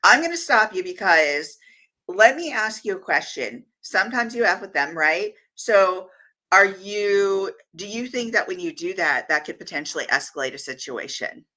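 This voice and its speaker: A woman's voice: mid-range voice, expressive, moderate pace, sharp tone, rough recording. A woman hosting a casual podcast conversation, reflective, reading out listener comments and asking questions. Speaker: podcast host.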